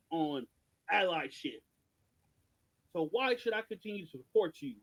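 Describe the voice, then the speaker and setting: Animated, high-voiced podcast co-host man. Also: measured pace, poor audio. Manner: animated, emphatic, rhetorical questions. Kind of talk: passionate political commentary.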